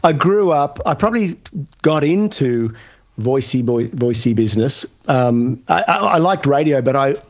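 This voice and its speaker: A man's voice: mid-range voice, expressive, normal speed. A man, a voice actor being interviewed, talking in a chatty, reflective way. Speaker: voice actor guest. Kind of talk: casual interview chat. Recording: dull lo-fi audio.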